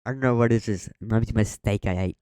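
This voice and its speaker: A man's voice: lowish voice, quick pace, warm tone, clear, resonant tone, dry recording, clean studio sound. A young man co-hosting a podcast, chatting casually and rambling, with many ums and restarts. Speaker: podcast co-host.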